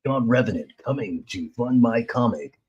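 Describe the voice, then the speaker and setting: A man's voice: medium pitch, expressive, normal speed, a little mellow, husky, dull audio. A man doing a solemn movie-trailer announcer. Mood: dramatic. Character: deep dramatic male movie-trailer announcer.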